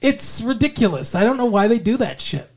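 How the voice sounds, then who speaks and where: A man's voice: extremely high pitch, very animated, a little fast, vocal fry. Man, podcast co-host, casual film chat, rambling, swears casually. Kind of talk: casual movie review chat.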